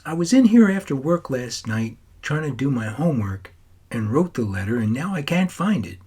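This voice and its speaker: A man's voice: mid-range voice, sing-song, moderate pace, darkish tone, husky, voice pushed up. A man voicing a troubled teenage boy who writes and talks to his grandfather in an earnest, wistful way. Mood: urgent.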